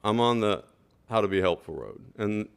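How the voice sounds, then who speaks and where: A man on a school board, speaking at a meeting and telling an anecdote with lively asides and "right?". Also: fairly low pitch, normal speed, vocal fry, clean tone. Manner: animated storyteller, repeats "right?".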